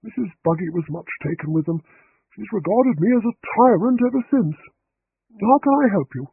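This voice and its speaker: A man voicing a mild, apologetic older vicar with a gentle, genteel way of speaking, on a tinny recording. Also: high voice, animated, normal speed, husky, voice pushed up, heavily acted.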